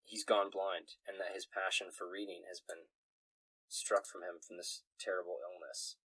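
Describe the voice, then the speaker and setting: A man runs a tabletop game as game master, narrating in a jokey, giggly way. His voice is husky. It sounds dry, with no room echo. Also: low voice, little pitch movement, normal speed, bright, forceful tone.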